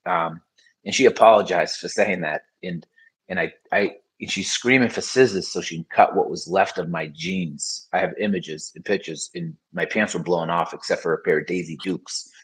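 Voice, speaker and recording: A man's voice: low-pitched, normal speed, a bit bright, husky, rough recording. A man as a podcast guest, telling his story in frank, casual conversation with many fillers.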